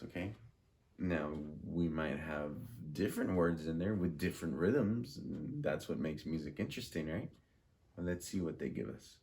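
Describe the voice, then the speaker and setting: A man's voice: extremely low pitch, animated, a little mellow. A man teaching a music lesson, patiently drilling rhythms and asking questions. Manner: slow, patient, repeats and drills words.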